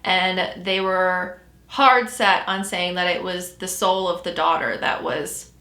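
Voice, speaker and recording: A woman tells a story in a loose, conversational way and often stops to correct herself. Her voice is bright and forward. The sound carries noticeable room echo. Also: fairly low pitch, fairly even intonation, slow. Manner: chatty, self-correcting storyteller. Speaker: podcast host. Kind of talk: casual storytelling chat.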